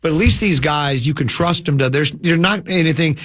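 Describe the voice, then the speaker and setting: A man hosting a sports talk radio show, sounding lower than usual from a cold, rambling and restarting his sentences. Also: a little fast, fairly bright tone. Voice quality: usually whiny and nasal.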